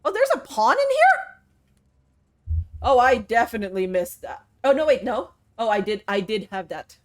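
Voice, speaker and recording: A woman's voice: fairly high pitch, very animated, moderate pace. A woman streaming a puzzle game live, talking to her chat as friends in a melodramatic way. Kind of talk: live-streamed gameplay commentary.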